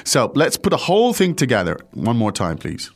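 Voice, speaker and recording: A man's voice: mid-range voice, huge pitch swings, moderate pace. A man hosting an audio language lesson, explaining phrases word by word in a playful way. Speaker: language teacher host. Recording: audio-only studio recording.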